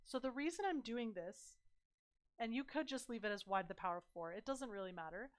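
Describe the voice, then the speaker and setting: A young woman tutoring math on a livestream, chatty and encouraging, her voice slightly hoarse. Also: fairly high pitch, animated, brisk. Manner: chatty, encouraging, addresses viewers as "you guys".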